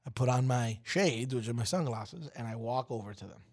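A man's voice: mid-range voice, a little fast. A man in his forties, a radio show co-host, telling a story in casual chat and acting out the lines of the people in it. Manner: animated storyteller, acts out quotes loudly.

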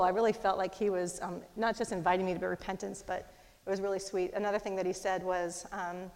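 A middle-aged woman tells a personal story to a room, talking fast and animated and acting out the people she quotes. Her voice sits at an ordinary pitch for a woman. Her voice trails off in a long reverb, as in a large hall. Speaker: speaker.

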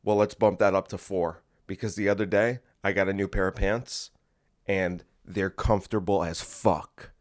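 A man with a somewhat low voice hosts his own solo podcast. He chats in a loose, joking way and keeps wandering off topic. He records from his bedroom at home. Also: fairly even intonation, moderate pace. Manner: restless, jokey, easily sidetracked. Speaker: podcast host. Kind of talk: rambling solo podcast chat.

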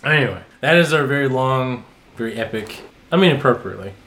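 A man co-hosting a podcast who talks in an easy, rambling way and keeps breaking into laughter. His pitch swings widely as he gets excited. A faint hiss sits under his voice. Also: brisk. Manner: enthusiastic, laughs often, rambling with fillers. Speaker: podcast co-host. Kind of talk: casual chat.

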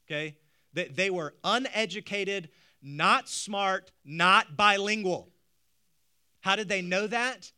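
Man, preacher, sermon, stammering restarts, rhetorical questions, high voice, bright forceful tone. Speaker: pastor.

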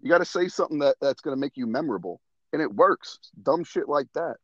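A man's voice: fairly high pitch, quick pace, dry recording, muffled recording. A young man on a podcast, telling stories in casual chat and breaking into laughter as he goes. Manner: animated, laughing storyteller. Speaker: podcast guest.

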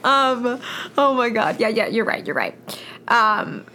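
Young woman cohosting a chatty podcast, kinda high voice, jokey and giggly. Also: big pitch swings, measured pace, bright, forceful tone, a little hiss or hum. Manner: playful, joking, laughs often. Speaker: podcast co-host. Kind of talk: casual podcast chat.

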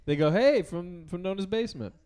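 A young stand-up comedian co-hosting a podcast, telling stories in a dry way with quoted asides. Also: male voice, high-pitched, expressive, a little fast, a crowd in the background.

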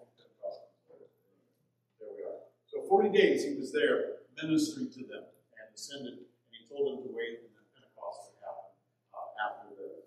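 A man teaching an adult Sunday school Bible lesson in a church classroom, talking conversationally and asking the class questions. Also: fairly high pitch. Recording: very echoey room, mic far off.

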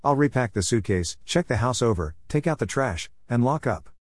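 A man's voice: mid-range voice, moderate pace, dry recording, clean studio sound, pitched above the performer's own voice, close to an everyday voice. A man voicing a patient, firm grandmother who keeps order among her grandkids. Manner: calm and firm.

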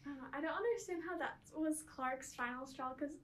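A young woman co-hosts a casual movie review chat with a bright, high voice. She sounds bubbly and quick to gasp or giggle. She is caught from some distance from the microphone. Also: slight background noise. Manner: bubbly, laughs and gasps often. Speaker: podcast co-host. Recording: roomy, far from the mic.

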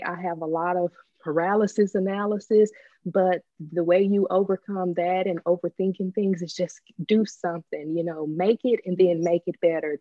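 A woman's voice: lowish voice, no room sound. A woman with a Southern accent from Texas, chatting as a podcast guest. She sounds candid and encouraging and laughs often between thoughts. The audio is dry and slightly muffled, like a remote call. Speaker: podcast guest, small business owner. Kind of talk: casual interview chat.

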